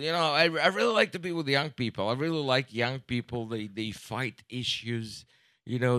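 A man in his forties doing a stand-up comedy set, rambling and deadpan, with halting restarts and profanity. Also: mid-range voice, dry recording. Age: 40s.

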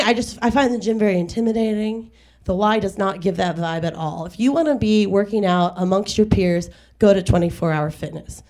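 A woman doing a wry, self-deprecating stand-up set in front of a live audience, with quick acted asides. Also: mid-range voice, darkish tone. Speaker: stand-up comedian. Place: garage venue with live audience.

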